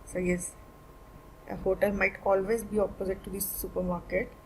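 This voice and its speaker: A woman's voice: medium pitch, level tone, normal speed, creaky, a little hiss or hum, low-quality recording. A woman teaching a beginner Spanish lesson, explaining each point step by step and repeating every word form twice.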